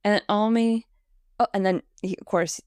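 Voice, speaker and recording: A woman's voice: medium pitch, steady tone, normal speed, a little mellow, clear, resonant tone, no echo. A woman co-hosting a podcast, casually and animatedly recapping a TV episode, laughing often. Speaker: podcast co-host.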